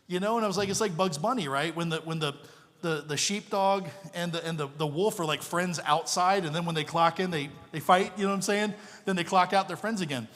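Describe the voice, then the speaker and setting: A man telling a story from the pulpit as a visiting missionary pastor, animated and full of jokes. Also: sits high, a little fast. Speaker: missionary pastor, guest speaker. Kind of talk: storytelling sermon. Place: church sanctuary. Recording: long reverb of a church hall.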